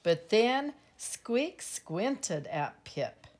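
Slow, expressive woman reading a bedtime story. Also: mid-range voice. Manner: gentle, expressive, commenting on pictures. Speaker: teacher. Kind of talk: bedtime storybook read-aloud.

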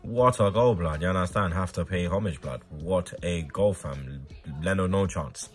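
A young man talks through his football video game in slangy, excitable commentary. His voice sits a bit low, with music playing faintly behind him. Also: moderate pace. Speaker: gaming YouTuber. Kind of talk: casual gaming commentary.

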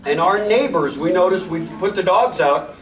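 A man hosting a convention panel, telling a funny dog story with loud sound effects and laughter. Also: high-pitched, lively intonation, moderate pace. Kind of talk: humorous anecdote on a panel. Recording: echoey hall, distant mic, room noise.

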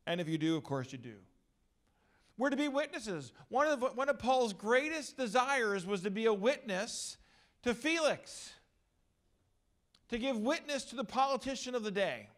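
A middle-aged male pastor giving an energetic, joking talk to a youth gathering. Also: very high voice, normal speed.

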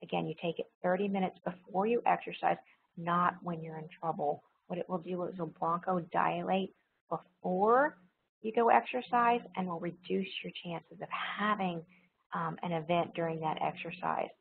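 A woman teaching a recorded pharmacology lecture, explaining step by step, repeating key points and pausing with frequent ums. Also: on the low side, steady tone, gravelly, narrow, tinny audio, a little hiss or hum. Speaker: nursing pharmacology instructor.

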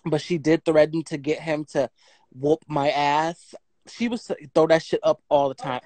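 A woman, telling her story on a phone livestream in a blunt, profane, animated way and reading out text messages. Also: deep voice, moderate pace, no room sound.

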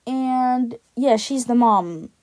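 Woman, casual rambling commentary, self-deprecating, lots of fillers, slightly high voice, slow unhurried delivery. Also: darkish tone, dry recording. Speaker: YouTuber describing her drawn cat characters.

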